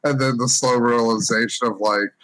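A man co-hosting a podcast with wry, joking commentary in a husky voice. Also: medium pitch, fairly even intonation, normal speed, fairly bright tone, no echo, poor audio. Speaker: podcast co-host. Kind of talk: casual podcast chat.

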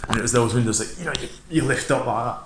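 A man's voice: mid-range voice, quick pace, noisy background. Man in his fifties, rambling storyteller, laughs easily, roomy echo. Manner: chatty, laughs often, rambling anecdotes. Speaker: heavy metal vocalist. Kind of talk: casual reminiscing to camera. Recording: echoey room.

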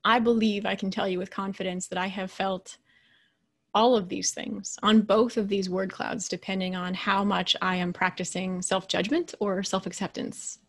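A woman leadership coach giving a casual, animated lecture. She acts out quoted voices and keeps adding "right?". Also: mid-range voice, normal speed. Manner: often adds "right?".

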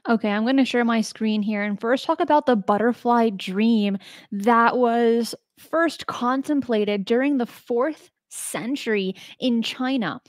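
A woman's voice: on the high side, unhurried, no echo, studio quality. Woman explaining ideas on a talk show. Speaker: co-host presenting research. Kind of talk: explanatory presentation.

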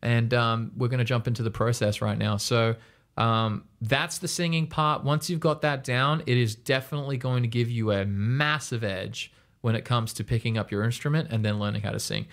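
A man's voice: steady tone, normal speed, a bit bright. A young man from Australia giving a casual music lesson, rambling and chatty, laughing often. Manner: rambling, chatty, laughs often, mimics reactions in a high squeal. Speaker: music coach.

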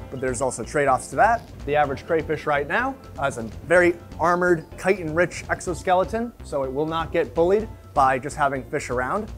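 Male host, casual explainer, slightly higher voice, upbeat and chatty, faint music behind. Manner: chatty and enthusiastic, with frequent "uh" fillers. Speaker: aquarium store video host.

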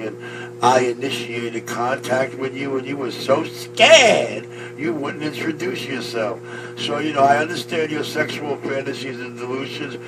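Insulting, boastful man, heard from a distance with loud music behind. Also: mid-range voice. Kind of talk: ranting street argument.

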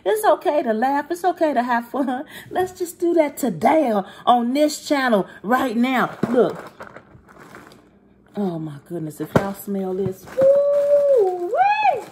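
A woman's voice: high-pitched, lively intonation, measured pace, darkish tone, slight background noise. A playful woman vlogger reviewing food, talking straight to her viewers and pretending to be a seven-year-old kid.

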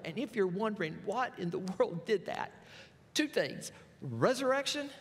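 A male pastor, preaching a sermon and retelling scripture with folksy asides. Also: sits high. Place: church sanctuary. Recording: long reverb of a church hall.

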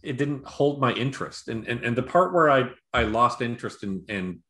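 A man's voice: mid-range voice, normal speed, roomy sound. A man co-hosting a podcast, chatting casually and rambling through a show review with profanity and acted-out quotes. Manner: rambling, profane, animated retelling with impressions. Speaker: podcast co-host. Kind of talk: casual chat, movie review. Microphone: video call.

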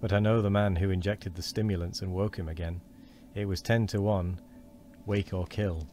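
A man's voice: deep voice, fairly even intonation, moderate pace, mellow, slight background noise, lightly acted. A man voicing a frail, wheezing old man who is fearful and gossipy, his speech quavering.

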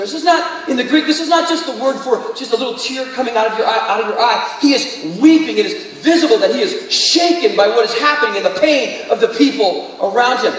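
A middle-aged male pastor with a very high voice preaches a sermon. He swings from loud, emphatic peaks down to hushed near-whispers, and he acts out the quoted lines with rising intensity. The sound is an echoey hall recorded from far off. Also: a little hiss or hum. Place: large church sanctuary.

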